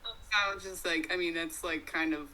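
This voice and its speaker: A woman's voice: on the low side, steady tone, fairly quick, pushed and bright, low-quality recording. A young woman in her twenties co-hosting a podcast, chatting casually with lots of fillers and giggles. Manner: giggly, filler-heavy fan talk. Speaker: podcast co-host. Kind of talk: casual chat.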